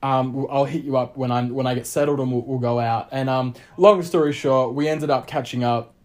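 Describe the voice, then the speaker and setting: A man's voice: medium pitch, steady tone, brisk. A young Australian man telling a long story in casual chat, rambling with lots of fillers and restarts.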